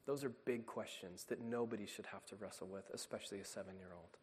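A man's voice: lowish voice, steady tone, fast talker, few pauses, a little hiss or hum. Earnest male pastor preaching in reverb. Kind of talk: sermon. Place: church sanctuary. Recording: long reverb of a church hall.

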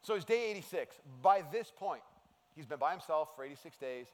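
A man preaching a sermon as a pastor, in an animated, conversational way. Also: on the high side, a little fast. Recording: long hall reverb.

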